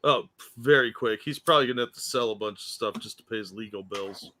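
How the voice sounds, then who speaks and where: A man's voice: on the low side, fast talker, pushed and bright. A man co-hosting a casual political chat stream, mostly agreeing with short replies and thanking chat. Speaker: co-host.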